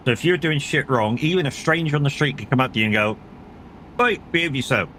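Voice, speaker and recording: A man's voice: mid-range voice, quick pace, fairly bright tone, a little hiss or hum. A middle-aged man, chatting casually and rambling as he streams a driving game, swearing and laughing often. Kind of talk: casual chat while gaming.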